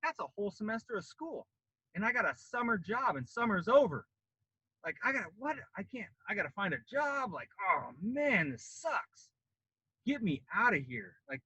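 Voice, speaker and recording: A man's voice: high voice, fairly quick, breathy edge, no echo, muffled recording. A man in his late thirties from Colorado, a former Marine, casually telling a long story on a podcast and acting out the voices of the people in it. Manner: animated, acts out quoted voices.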